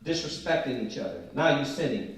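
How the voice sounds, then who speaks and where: A man teaching a Bible study, reading scripture slowly and with emphasis, then breaking into casual, slangy commentary. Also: medium pitch, lively intonation. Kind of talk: informal scripture study sermon. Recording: very echoey room from a distant mic.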